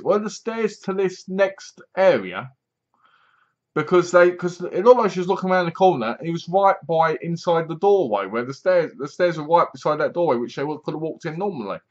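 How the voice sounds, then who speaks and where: A man's voice: a little high, lively intonation, normal speed, a bit bright. A man casually reviewing a horror film, rambling and sarcastic, with many restarts. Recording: dull lo-fi home recording.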